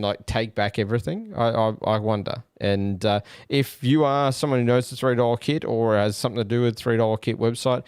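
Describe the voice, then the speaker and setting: An Australian man hosting a podcast, musing aloud in casual commentary with many pauses and fillers. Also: mid-range voice, a little mellow, clear, resonant tone, no echo, clean studio sound. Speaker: podcast host.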